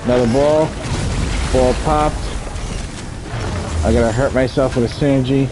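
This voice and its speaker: A man's voice: mid-range voice, fairly even intonation, fast talker, over music, rough recording. A man streaming a game, chatting casually, explaining mechanics and swearing freely. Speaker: streamer playing an online game. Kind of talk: casual gameplay commentary.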